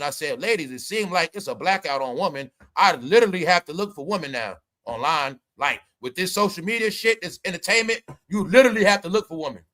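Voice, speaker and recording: Animated high-voiced man ranting commentary. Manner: animated, ranting, swings from low mutters to shouting. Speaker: commentary channel host. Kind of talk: casual entertainment commentary.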